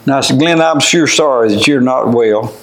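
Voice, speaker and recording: An older man with a drawl preaches in a folksy, unhurried way, mixing old-fashioned scripture wording with plain talk. His voice sits at an ordinary middle pitch. The room around him rings with echo. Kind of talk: folksy sermon with storytelling. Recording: echoey room.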